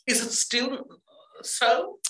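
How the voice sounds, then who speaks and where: A woman with a Russian accent and Russian as her first language, moderating an interview in a halting, emphatic way with many fillers. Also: high voice, expressive, pushed and bright, rough recording. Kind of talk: conversational interview.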